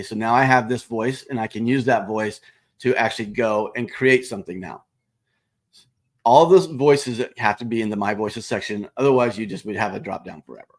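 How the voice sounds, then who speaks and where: A man presenting a live screen-share walkthrough of a software product, explaining each step casually and speaking directly to viewers. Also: lowish voice.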